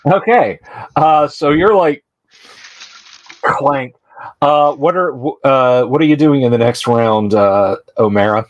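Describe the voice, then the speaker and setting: A man narrating a tabletop horror game as game master, speaking with many pauses and fillers. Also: mid-range voice, dry recording, muffled recording. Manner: hesitant, many fillers and restarts.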